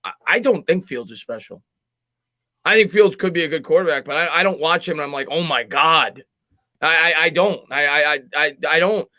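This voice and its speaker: A man hosting a live sports show, reading out viewer comments and giving quick, emphatic football opinions, often repeating words as he argues a point. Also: fairly high pitch, pushed and bright, dry recording. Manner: fast, emphatic, repeats words when arguing. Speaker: sports podcast host.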